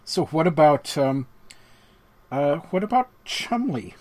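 A man co-hosts a relaxed conversation, his pitch swinging widely as he talks. He is playful, laughs easily and pokes fun at himself while asking questions. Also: slow. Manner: lively, laughs easily, playful self-mocking. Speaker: podcast co-host interviewing an author. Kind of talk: casual chat.

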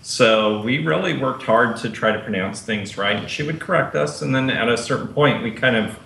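A man's voice: medium pitch, normal speed, creaky, fairly bright tone, roomy sound. A male actor guest in a panel chat, talking earnestly about his work.

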